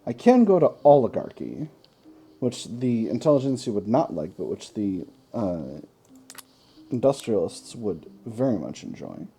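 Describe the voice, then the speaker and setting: A man's voice: fairly low pitch, big pitch swings, unhurried, creaky, mellow, breathy edge. A man hosting a gaming channel, chatting through a strategy game, thinking aloud with wry self-mocking asides.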